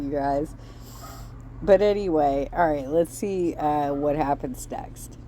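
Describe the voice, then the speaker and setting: A woman's voice: low-pitched, slow, mellow, a little hiss or hum. A woman hosting reaction commentary, blunt and cutting, often sarcastic. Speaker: commentary channel host.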